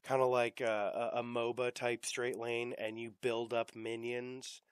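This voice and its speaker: A man's voice: medium pitch, little pitch movement, unhurried, smooth, no echo. A young man hosting a casual podcast chat, rambling with fillers and the odd swear word. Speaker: podcast host.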